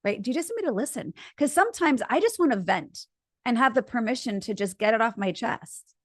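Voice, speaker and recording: A woman's voice: fairly high pitch, animated, fairly quick, no echo, clean studio sound. A middle-aged woman co-hosting a couples therapy podcast, talking expressively with frequent restarts. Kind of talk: casual chat with role-play.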